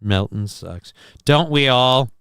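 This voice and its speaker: Slow, gravelly, and a bit bright, this mid-range male voice has lively intonation and a smooth quality. The livestream host reads chat and rambles defensively in reply, swearing casually as his voice cracks at times, in a dry studio-quality recording.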